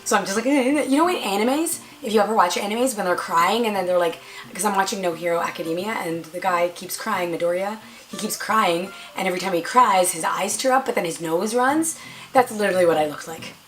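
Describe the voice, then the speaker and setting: Faint music sits behind a young woman vlogger who talks fairly quickly through a casual storytime. She acts out what people said in a higher voice and exaggerates her own drama.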